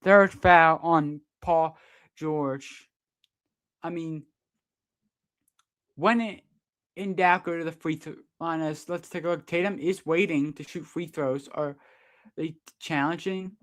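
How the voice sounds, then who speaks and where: A man doing live fan play-by-play of a basketball game, partisan and quick to protest the referees' calls. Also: on the high side, fairly even intonation, fairly bright tone. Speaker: sports streamer doing play-by-play.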